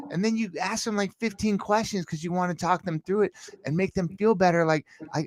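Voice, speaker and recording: A man's voice: high voice, a little fast. A man as a podcast guest, telling stories animatedly and acting out the dialogue. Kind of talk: casual interview chat.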